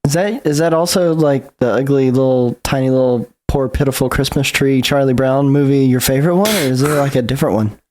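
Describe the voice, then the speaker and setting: A podcast co-host chatting casually in a giggly, animated way. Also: mid-range voice, brisk, hardly any pauses. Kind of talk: casual chat.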